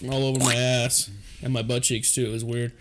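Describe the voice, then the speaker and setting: Male podcast co-host in his twenties. Average pitch, crude storyteller who laughs often and jumps in with short reactions. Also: flat delivery, brisk, background noise. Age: 20s. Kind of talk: casual banter.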